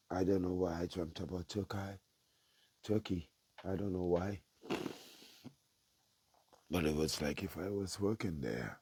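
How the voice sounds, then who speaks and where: A man calling himself a prophet, praying and preaching intensely, repeating himself and swinging from hushed prayer to loud denunciation. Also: unhurried, long pauses, no room sound. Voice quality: very deep, gravelly and husky. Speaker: self-styled prophet.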